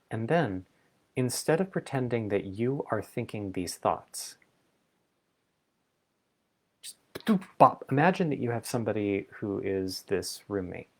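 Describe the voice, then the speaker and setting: A man's voice: fairly low pitch, a little mellow. A man hosting a reflective solo talk, thinking aloud in an exploratory, playful way. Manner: thoughtful, exploratory, playful asides. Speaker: vlog host.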